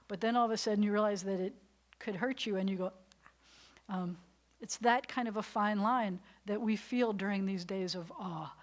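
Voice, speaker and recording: A woman giving an informal sermon in a synagogue, conversational, with fillers. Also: medium pitch. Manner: conversational, with fillers and dramatic gasps. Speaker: rabbi leading a service. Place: synagogue sanctuary.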